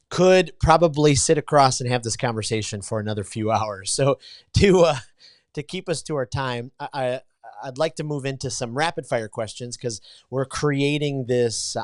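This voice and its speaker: A podcast host on a video call, gushing with praise and then asking long, rambling questions. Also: male voice, mid-range voice, no echo, clean studio sound. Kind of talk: casual interview.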